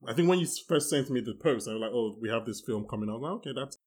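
Male podcast host, mid-pitched, loose joking delivery, plays out quotes. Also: very fast, slightly rough. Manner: animated, joking, acts out quotes. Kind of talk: casual chat.

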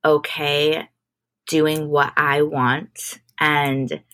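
Very slowly and with little pitch movement, a woman with a low, fairly bright voice answers questions as a podcast guest. She works as an entertainment manager and is candid and reflective in the relaxed conversation, frequently starting over mid-thought.

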